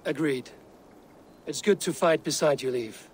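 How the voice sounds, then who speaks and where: A man's voice: a little slow, lightly acted. A man playing a commanding Viking leader. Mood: calm. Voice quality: commanding, booming orders. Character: bold male Viking raid leader, commanding. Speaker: game character. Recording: loud boat and water noise.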